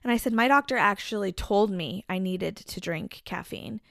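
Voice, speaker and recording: A woman's voice: mid-range voice, gravelly, a bit bright, no room sound. A young woman chatting as a podcast co-host, talking freely and laughing easily between stories. Her voice sits in an ordinary middle range, and the recording is close and dry with no room sound. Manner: chatty, laughs often, quick asides. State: pregnant. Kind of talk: casual chat.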